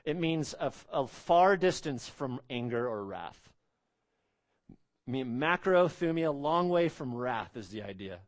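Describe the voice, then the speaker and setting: A man's voice: medium pitch, animated, measured pace. A man preaching an expository sermon, emphatic, repeating phrases and asking rhetorical questions.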